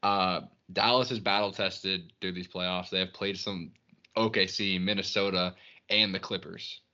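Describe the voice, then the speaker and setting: A man co-hosts a casual sports podcast in a low, bright, forceful voice. He rambles loosely and swears freely. The recording sounds slightly dull. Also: fairly even intonation, measured pace. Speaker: podcast co-host.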